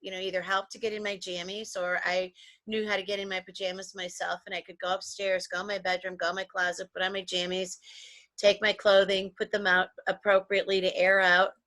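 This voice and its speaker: A woman co-hosting a talk show, reminiscing in a rambling, animated storytelling way with frequent restarts. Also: mid-range voice, fairly quick, no room sound. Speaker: co-host. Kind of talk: casual storytelling chat.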